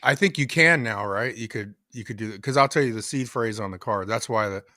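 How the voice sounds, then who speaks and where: A man co-hosting a casual crypto livestream, excitable, hyping up viewers and giving shout-outs. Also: lowish voice, a little fast, no room sound, clean studio sound. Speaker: livestream co-host.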